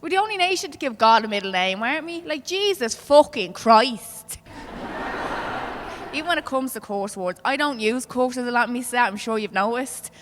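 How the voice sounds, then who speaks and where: A woman's voice: a little high, animated, moderate pace, long reverb tail, background noise. A woman with a Dublin accent performing a stand-up comedy set, brash and swearing as she tells stories to the room. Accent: Dublin Irish. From Ireland. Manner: brash, swearing, conversational storytelling. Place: comedy club stage.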